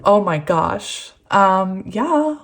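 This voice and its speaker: Woman, tarot reader, giggly, excitable, slow, faint hiss. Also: medium pitch. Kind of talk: pick-a-card tarot reading.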